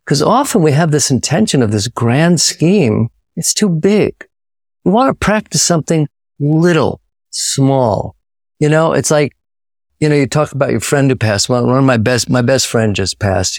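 A man's voice: mid-range voice, lively intonation, moderate pace, dry recording, studio quality. A man from New York, speaking as an author and guest in a casual interview, reflective, with frequent restarts. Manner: reflective, many restarts and repetitions.

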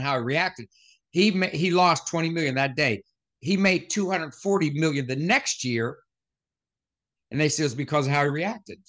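A man's voice: fairly high pitch, fairly bright tone. Punchy storytelling man, rhetorical questions. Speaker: motivational speaker. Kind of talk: podcast guest storytelling.

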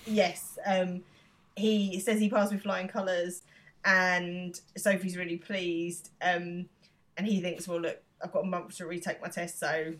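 A woman with a somewhat low voice co-hosts a podcast, chatting casually as she walks through a TV episode scene by scene. She slips into the characters' lines as she retells them. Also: little pitch movement. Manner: retells scenes with quick quoted lines and frequent laughs. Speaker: podcast co-host. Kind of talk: casual chat recapping a TV episode.

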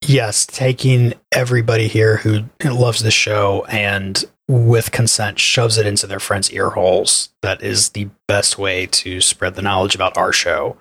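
A man's voice: fairly low pitch, flat delivery, measured pace, few pauses, fairly bright tone, slightly rough, no echo. A man co-hosting a casual podcast, jokey and offhand. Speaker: podcast co-host.

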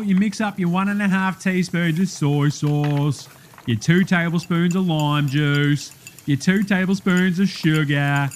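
A man's voice: high voice, slight background noise, natural voice. Aussie cooking-show bloke, done by a man. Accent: Australian. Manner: larrikin, rowdy slang-heavy banter. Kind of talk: comedy sketch parody.

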